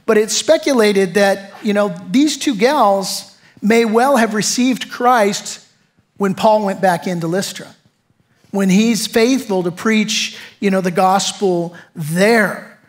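A man's voice: high-pitched, slow. Man, middle-aged, pastor delivering a chatty, punchy sermon. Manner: conversational, emphatic preaching with rhetorical questions.

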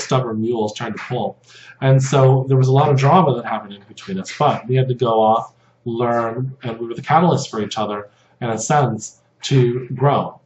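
A man giving a casual spoken lesson over slides, halting with many fillers and restarts, softening when he repeats short prayer phrases. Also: mid-range voice. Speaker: video host teaching about control dramas. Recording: dull lo-fi audio in a roomy space with faint hum.

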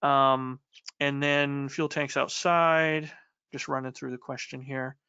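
A man with a New England accent co-hosting a technical webinar, speaking haltingly with many fillers and restarts. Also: medium pitch, little pitch movement, bright, forceful tone, clean tone, dry recording. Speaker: webinar co-host. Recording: slightly dull dry audio.

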